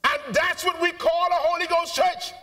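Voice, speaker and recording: A man with a Bahamian accent preaching a live sermon in a church auditorium. He is fervent and calls out to the congregation, moving between shouted lines, sung phrases and quiet asides. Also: very high-pitched, steady tone, moderate pace, far from the mic. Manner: call-and-response with the congregation. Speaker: bishop preaching. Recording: live church recording, voice off-mic.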